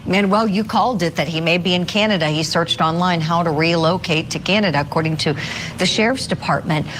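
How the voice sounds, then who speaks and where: A woman's voice: on the low side, a little fast, noisy background. A woman moderating a panel, thanking guests and asking them questions.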